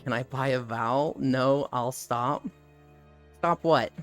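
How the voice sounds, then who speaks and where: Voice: medium pitch, takes it slowly, faint music behind. A streamer chatting casually and rambling with live viewers, laughing often and swearing freely. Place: outdoors walking.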